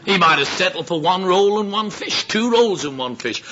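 A man's voice: high voice, moderate pace. A man preaching a sermon, telling stories and acting out the voices of the people in them. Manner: lively, acts out quoted voices. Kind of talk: sermon with storytelling. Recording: dull lo-fi sound with faint noise.

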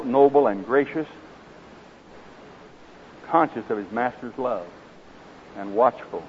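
A man with an Oklahoma accent preaching a sermon, folksy and conversational, then reading a parable aloud. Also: mid-range voice. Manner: folksy, conversational and direct with listeners. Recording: slightly dull with faint hiss.

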